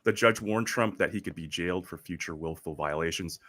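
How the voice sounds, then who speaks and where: A man co-hosting a podcast, going over headlines in a measured way with frequent ums. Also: sits low, sharp tone, dry recording. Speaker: podcast co-host reading headlines. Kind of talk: casual news chat.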